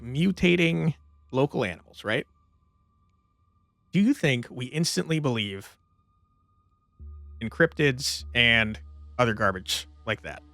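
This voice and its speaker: A man hosting a let's play, reading the game's text aloud and chatting casually between lines. His voice is gravelly and animated, recorded on a close mic in a dry room. Faint game music plays underneath. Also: mid-range voice, dry recording. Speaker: let's play gaming channel host.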